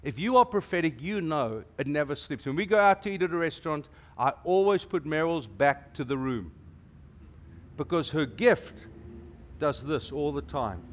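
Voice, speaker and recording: A middle-aged man, preaching a sermon as a guest preacher in an animated, emphatic way with playful asides. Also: fairly high pitch, moderate pace.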